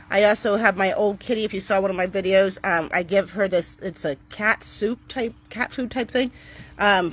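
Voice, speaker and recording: A middle-aged dog owner vlogger, mid-range in voice, chats upbeat and casual to the camera outside on her property, and her tone turns bright and cheery when she greets her dogs.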